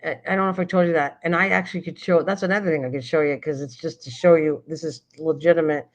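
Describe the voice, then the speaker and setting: An older woman hosts a casual late-night livestream chat, rambling and often restarting sentences as she searches for words. Her voice sits low with a steady tone and a quick pace, and the stream audio is dull and lo-fi.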